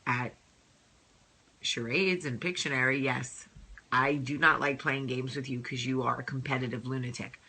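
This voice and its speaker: Woman plays deadpan husband: low, hushed, blunt and teasing. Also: moderate pace, slightly rough, heavily acted. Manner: flat, matter-of-fact, teasing.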